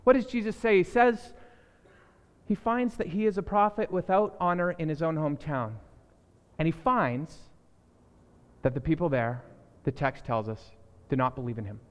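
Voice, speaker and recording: A man preaching a sermon as pastor, emphatic, repeating key phrases and swinging between loud declarations and hushed asides. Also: a little high, moderate pace, long pauses, big-room sound.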